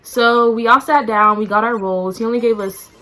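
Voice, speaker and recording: A woman's voice: fairly high pitch, moderate pace. Chatty teen girl telling a story. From Texas. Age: teens. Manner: animated, chatty, lots of "like" and "y'all". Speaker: vlogger. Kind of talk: storytime vlog.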